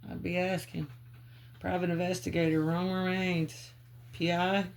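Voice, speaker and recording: A woman giving a channeled psychic reading, calling on spirit and muttering names and clues in halting bits. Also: fairly low pitch, a little mellow. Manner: halting, muttering free association. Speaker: psychic reader.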